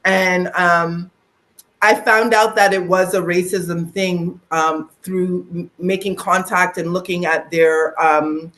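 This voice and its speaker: A middle-aged woman from Canada, a podcast guest telling her own story in a lively conversational way. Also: on the low side, slow pace. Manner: animated, acts out quoted voices.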